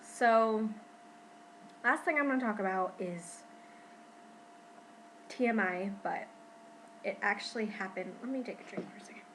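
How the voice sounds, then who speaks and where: A young woman talking casually to her camera at home in a pregnancy vlog, chatty and expressive, often saying "freaking". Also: mid-range voice, unhurried, long pauses, noisy background. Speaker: vlogger.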